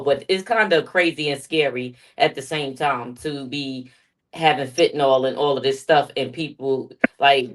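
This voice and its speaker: A woman on a podcast panel who talks in a quick, worried ramble filled with "like.". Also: low-pitched. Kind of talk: casual podcast discussion. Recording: voice a bit far from the mic.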